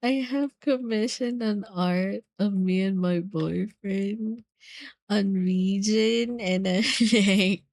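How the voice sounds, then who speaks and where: Young female streamer, casual chat, giggly and squealy, unhurried delivery, dry close sound. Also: mid-range voice, no echo. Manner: giggly, squealing, gushing with excitement.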